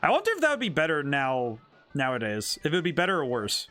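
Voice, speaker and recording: Lively bright-voiced man streaming a game. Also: a little high, fast talker, faint music behind. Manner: rambling, thinking aloud with many restarts. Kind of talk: casual gameplay commentary.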